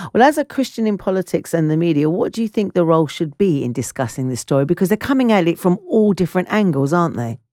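A woman's voice: low-pitched, darkish tone, no echo, studio quality. A woman hosting a live talk radio news discussion, conversational and asking probing questions. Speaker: radio show host.

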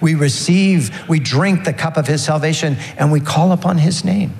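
A man preaching a sermon, earnest and unhurried, slowing down and pausing to press his points. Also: on the high side, gravelly, big-room sound. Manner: earnest, warm preaching with slow emphatic pauses. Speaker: pastor.

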